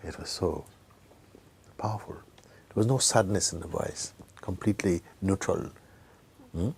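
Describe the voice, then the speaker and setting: A man giving a spiritual talk to a gathering, speaking gently, often laughing and sometimes dropping into a whisper. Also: low voice, a little slow, gravelly, a little hiss or hum. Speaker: spiritual teacher.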